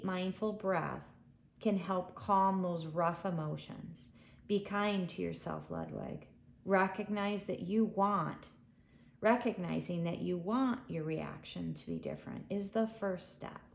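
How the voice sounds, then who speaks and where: A woman voicing a calm, empathetic female animal who speaks softly and gently in a storybook. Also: mid-range voice. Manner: soft, slow, soothing. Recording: echoey room.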